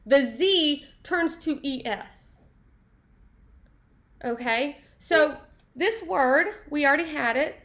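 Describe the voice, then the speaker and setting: Woman, Spanish teacher, high and unhurried, playful classroom energy. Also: a bit bright. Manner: upbeat, playful, sings snatches and praises answers. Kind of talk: classroom lesson.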